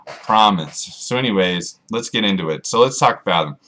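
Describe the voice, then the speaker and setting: Deep-voiced man rambling to camera. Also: brisk. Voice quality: monotone. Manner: self-mocking, rambling, jokey asides. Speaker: author vlogger. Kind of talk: rambling casual vlog to camera.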